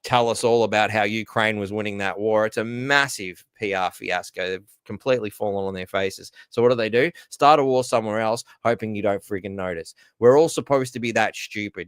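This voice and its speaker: Aussie guy doing a sarcastic news rant, smooth lowish voice, really dry close mic. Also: a little fast, hardly any pauses, dry recording. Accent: Australian. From Australia. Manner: sarcastic, ranting, many asides and fillers. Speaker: host. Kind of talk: solo news commentary podcast.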